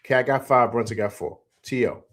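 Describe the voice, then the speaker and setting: A man's voice: medium pitch, moderate pace. A middle-aged man hosting a live postgame sports show, emphatic and repetitive as he reads out comments and answers them. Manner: animated, emphatic, repeats himself, reads chat comments aloud.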